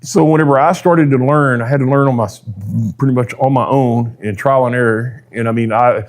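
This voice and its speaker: A man's voice: medium pitch, steady tone, brisk. Rambling man telling a story. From Texas. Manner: rambling, folksy, peppered with "dude" and quoted dialogue. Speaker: guest, drag racer. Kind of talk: casual storytelling.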